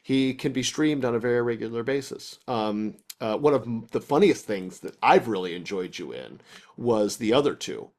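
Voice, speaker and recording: A man's voice: medium pitch, lively intonation, normal speed, a little mellow. A man co-hosting a podcast over a video call, chatting casually and thinking aloud with restarts. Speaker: podcast co-host. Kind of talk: casual chat.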